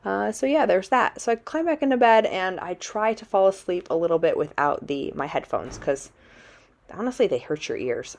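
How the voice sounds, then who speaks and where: Low-voiced woman telling a dramatic story. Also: animated, a little fast. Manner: dramatic, chatty, heavy use of "like". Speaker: travel vlogger. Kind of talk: casual storytelling to camera.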